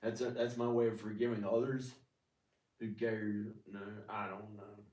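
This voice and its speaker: A man's voice: fairly low pitch, level tone, moderate pace, a little mellow, a little hiss or hum. A man rambling casually in a vlog, laughing often and poking fun at himself, in a house with big ceiling beams. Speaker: vlogger. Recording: echoey room, distant mic.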